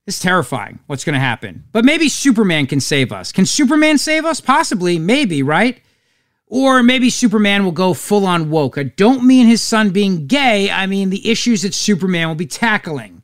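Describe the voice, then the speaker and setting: A man with a fairly high, very lively voice hosting a commentary show, sarcastic and mocking. The sound is close and dry, with no room around it. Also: moderate pace, no echo. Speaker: radio talk show host. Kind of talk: opinionated commentary.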